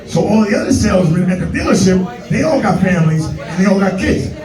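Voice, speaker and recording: A high-voiced man from New York works a comedy club stage with a brash, profane stand-up routine. He is picked up from a distance, so the sound is roomy and echoing. Music plays behind him. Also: lively intonation, brisk, crowd noise. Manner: brash, profane, street slang, puts on voices.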